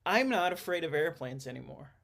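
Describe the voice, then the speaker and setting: A man's voice: on the high side, expressive, a little fast, creaky, a bit bright. A man hosting a podcast interview, talking casually with many fillers and restarts. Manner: rambling, frequent restarts and fillers. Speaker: podcast host and counselor.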